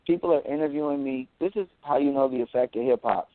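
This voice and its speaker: A rapper, a guest in a casual interview, tells stories boastfully and animatedly, repeating words. He talks fast in a mid-range voice with no echo, though the sound is tinny and phone-like.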